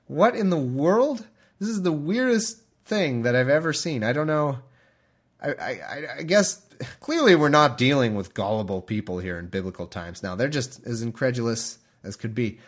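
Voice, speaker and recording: A man's voice: medium pitch, animated, normal speed. A man hosting a podcast, reading scripture aloud and breaking off into chatty, bemused commentary, laughing often. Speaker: podcast host.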